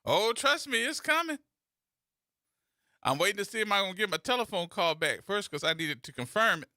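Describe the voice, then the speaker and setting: Bright, lively New radio host. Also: male voice, sits high, fairly quick, no room sound, clean studio sound. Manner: playful, teasing storyteller. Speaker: radio talk show host. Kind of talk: casual radio talk.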